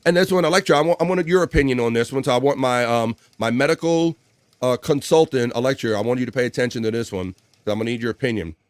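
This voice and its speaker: A man hosting a casual live stream, reading chat comments and odd news with loose, profane banter. His voice sits at a middle pitch. The sound is dry and close, with no room echo. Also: fast. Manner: loose, profane, joking banter with frequent laughs.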